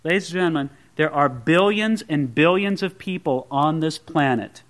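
A man's voice: a little high, unhurried. A man preaching a sermon to a congregation, earnest and emphatic, with pointed rhetorical questions. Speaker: pastor.

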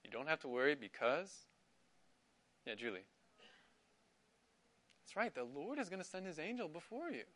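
A man's voice: on the high side, big pitch swings, moderate pace, long pauses, a bit bright. A middle-aged man teaching a Sunday school class, asking his students questions and affirming their answers. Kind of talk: interactive Bible class.

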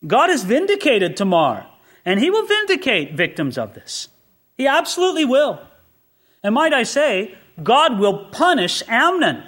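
A male pastor delivering a sermon in a high voice that swings widely in pitch. He leans on rhetorical questions and builds to emphatic peaks. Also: fairly bright tone. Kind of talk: expository sermon.

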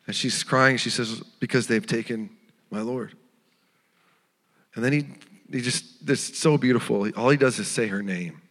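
A male pastor delivers an earnest, tender sermon in a mid-range voice. His words ring out with a long reverb from a church sanctuary, and now and then he drops to a hushed tone. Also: medium pitch, normal speed. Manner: earnest, tender preaching with soft hushed moments.

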